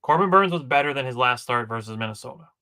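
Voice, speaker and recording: A man's voice: medium pitch, expressive, fast, pushed and bright. A man co-hosting a casual sports podcast, working through game stats from his notes with dry asides. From Wisconsin. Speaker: podcast co-host.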